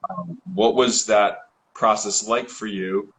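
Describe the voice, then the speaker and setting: A man hosting as a health coach, speaking calmly and reflectively with many "uh"s and restarts. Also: fairly low pitch, slow pace, husky, low-quality recording. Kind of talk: casual interview chat.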